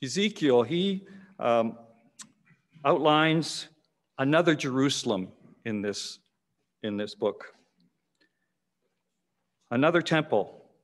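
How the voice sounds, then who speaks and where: A man's voice: mid-range voice, expressive. Older man preaching in an echoing hall. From Canada. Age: 60s. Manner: measured, repeats key phrases with pauses. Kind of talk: sermon. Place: church hall. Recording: long echoing church reverb.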